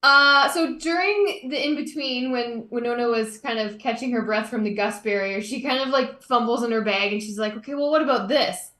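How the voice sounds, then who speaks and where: A woman's voice: a little high, moderate pace, hardly any pauses, sharp tone, echoey room. A woman playing a tabletop game, chatty and unsure, often trailing off mid-sentence. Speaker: player. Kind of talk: casual tabletop game chat.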